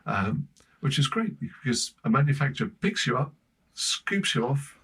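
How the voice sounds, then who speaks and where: A man with an English accent, a podcast guest telling travel stories in lively casual chat, laughing often. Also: mid-range voice, normal speed, husky. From Britain. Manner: animated storyteller, laughing often.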